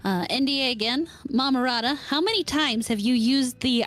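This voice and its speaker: A woman's voice: fairly high pitch, lively intonation, fairly quick, hardly any pauses. A woman co-hosting a podcast, chatting casually with dry jokes and reading out questions. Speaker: podcast co-host. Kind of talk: casual chat.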